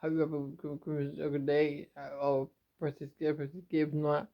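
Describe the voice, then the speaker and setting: An English YouTuber talks to his camera in a rambling, emotional home vlog, halting and often repeating or restarting himself. His voice sits a little high, creaky and completely flat in delivery. The audio is a dull, lo-fi home recording.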